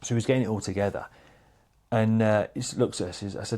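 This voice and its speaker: A man, a chef, telling stories in a casual chat, animated and swearing freely, calling people "mate". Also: lowish voice, fast. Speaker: chef guest.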